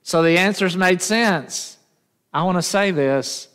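A man's voice: sits high, slow, fairly bright tone, smooth. A man preaching a sermon as pastor, often asking the congregation questions and drawing them in. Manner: call-and-response, asks the congregation questions. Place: church sanctuary. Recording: echoey church hall.

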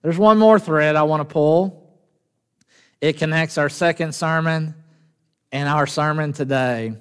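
A man's voice: a little high, measured pace, fairly bright tone, smooth. A man preaching a sermon with a Southern US drawl, folksy and conversational, asking the congregation questions. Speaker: pastor. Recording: long reverb of a large hall.

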